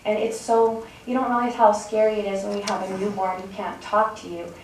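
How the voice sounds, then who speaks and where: A woman's voice: mid-range voice, flat delivery, brisk, a little mellow, a little hiss or hum. A young woman speaking emotionally and earnestly during public comment at a city council meeting. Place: council chamber. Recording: roomy distant council-chamber recording.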